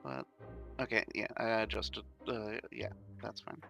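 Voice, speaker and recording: Halting man in a game voice chat. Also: fairly low pitch, expressive, gravelly, sharp tone, soft background music. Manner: halting, many fillers and restarts. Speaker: tabletop game player.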